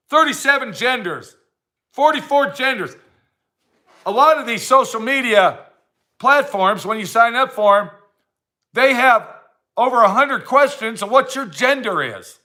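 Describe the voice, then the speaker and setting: A man's voice: extremely high pitch, expressive, unhurried, long pauses, sharp tone. A man delivering a heated, blunt ranting monologue to camera, repeating his points for emphasis. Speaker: vlogger.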